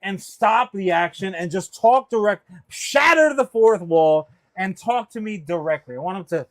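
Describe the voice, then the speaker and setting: A man co-hosting a casual pop-culture podcast, talking in an animated, profane and rambling way, full of fillers. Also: sits high, moderate pace. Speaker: podcast co-host.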